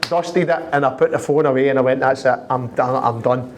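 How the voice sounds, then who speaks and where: A man's voice: medium pitch, a little hiss or hum. A Scottish man in his thirties with a Glasgow accent, telling stories in an interview, chuckling and acting out other people's lines. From Scotland. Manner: lively, chuckling, acts out others' lines in quick quoted voices. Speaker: professional footballer, guest. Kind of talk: anecdotal storytelling in an interview. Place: office high in a city tower.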